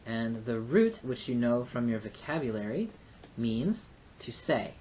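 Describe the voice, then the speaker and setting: A man's voice: mid-range voice, big pitch swings, unhurried, darkish tone, a little hiss or hum. A man teaching a Hebrew grammar lesson, explaining step by step in a methodical way, with frequent hesitations. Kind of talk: recorded grammar lecture.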